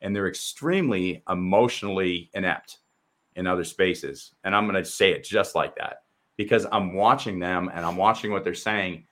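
A man co-hosting a heated online talk show, blunt and impassioned, swearing freely and mimicking others in quick quoted asides. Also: low voice, fairly bright tone. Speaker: co-host. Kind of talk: heated casual discussion.

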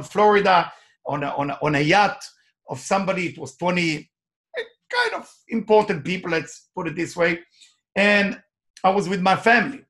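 Male life coach, high voice, emphatic motivational storyteller, non-native English phrasing. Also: fairly bright tone. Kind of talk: motivational talk with personal stories.

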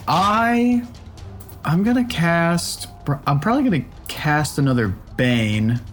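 A man playing a tabletop game, deliberate and wryly grumbling about his luck. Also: medium pitch. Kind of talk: casual game-night chat.

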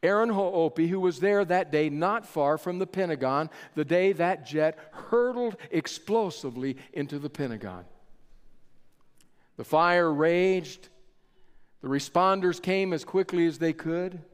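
A man preaching a sermon in a church, slow and deliberate with dramatic pauses. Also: on the high side, clear, resonant tone. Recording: long reverb of a large hall.

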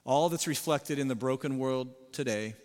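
A male pastor preaching a sermon, emphatic, swinging from loud rising appeals to low sober warnings. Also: normal speed, big-room sound.

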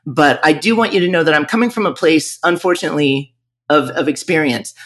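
This man from northern Virginia owns a music school and is speaking in a podcast interview. His voice sits a little high and has a fairly bright tone, and he talks fairly quickly. He's candid and reflective, often restarting his sentences.

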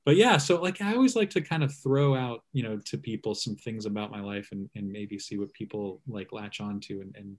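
A man's voice: on the low side, a little fast, hardly any pauses. A man hosting a casual conversation, rambling with frequent fillers and restarts.

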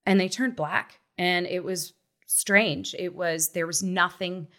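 Thirties woman guest, chatty and animated, acts out quotes, bright edge. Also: on the low side, slow pace. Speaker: guest, mother. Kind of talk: casual chat, personal story.

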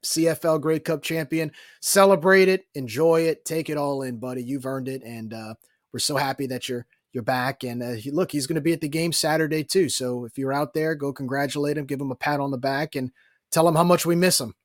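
A man's voice: a little high, steady tone, a little fast, dry recording. Upbeat sports podcast man, dry close mic. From south Louisiana. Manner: upbeat, enthusiastic, repeats catchphrases. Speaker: podcast co-host. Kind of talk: casual sports podcast chat.

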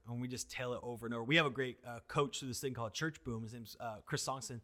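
Male pastor, casual conversation, quick talker, bright forceful tone, animated storytelling, lots of fillers. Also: medium pitch. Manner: animated storyteller who acts out quotes, filler-heavy. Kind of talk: casual conversation about church outreach.

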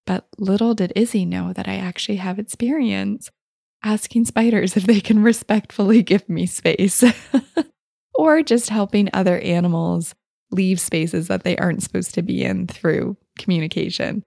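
A woman hosting a podcast, telling a personal story in a casual, animated way with frequent laughter. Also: medium pitch, moderate pace, creaky, no echo, clean studio sound. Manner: animated, laughing often, voices others in quotes. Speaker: podcast host.

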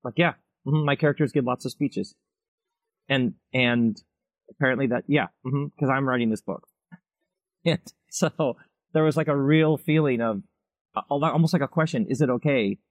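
A man's voice: medium pitch, normal speed, long pauses. A middle-aged man speaking as an author guest, musing and reflective with easy laughter. His voice sits mid-range and sounds close and dry, with no room echo. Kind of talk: casual interview conversation.

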